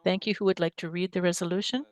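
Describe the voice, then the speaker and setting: A mayor chairing a city council meeting with brisk procedural calls for motions and votes. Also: mid-range voice, fairly even intonation.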